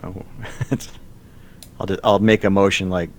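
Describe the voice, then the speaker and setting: Deep-voiced stammering male player. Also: level tone, measured pace, a little hiss or hum. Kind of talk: casual tabletop play.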